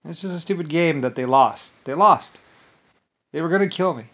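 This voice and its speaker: A man's voice: on the high side, moderate pace, fairly bright tone. A man delivering an angry, rambling monologue, swearing often, repeating himself and restarting his sentences. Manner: profane, repetitive, ranting with many restarts. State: agitated and angry. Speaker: vlogger.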